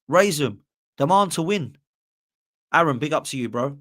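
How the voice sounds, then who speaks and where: A man's voice: fairly high pitch, moderate pace, a bit bright, dry recording, studio quality. A man, hosting a live fan podcast and ranting passionately while reading out viewer messages. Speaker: podcast host. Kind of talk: live-stream fan rant, reading super chats.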